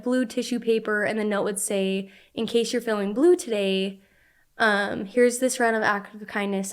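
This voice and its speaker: A woman's voice: mid-range voice, clear, resonant tone. A woman in her twenties, a podcast guest telling personal stories in an earnest, casual way, peppering her speech with "like.". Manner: earnest, heavy use of "like" fillers. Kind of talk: casual conversational storytelling.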